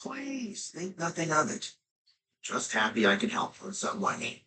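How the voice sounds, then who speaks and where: An earnest, humble young knight. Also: male voice, on the high side, huge pitch swings, a little slow, noisy background, heavily acted. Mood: gentle. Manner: earnest, easily choked up.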